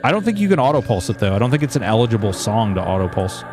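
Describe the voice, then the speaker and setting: A man's voice: lowish voice, very animated, very fast, a little mellow, faint music behind. A man streaming a game in casual chat, reading viewer messages aloud and talking freely with lots of fillers.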